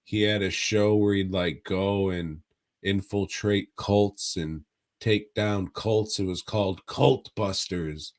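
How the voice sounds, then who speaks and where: A man's voice: on the low side, steady tone, takes it slowly. A man co-hosting a podcast, chatting casually and profanely about movies in a laid-back, rambling way. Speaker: podcast co-host. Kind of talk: casual movie review chat.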